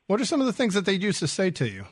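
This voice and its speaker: A man hosts an interview in a relaxed, rambling way, peppered with fillers. His voice sits a little high for a man, and the sound is dry and close. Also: rapid-fire, dry recording. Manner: chatty, easygoing, many fillers. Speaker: host. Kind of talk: radio interview.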